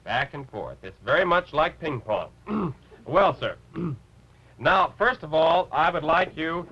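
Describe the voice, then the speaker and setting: A man voicing a bumbling male rabbit puppet who gives a lecture, halting and clearing his throat. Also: on the high side, animated, sharp tone, dull audio, full character voice. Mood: flustered. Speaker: puppet character on a TV show.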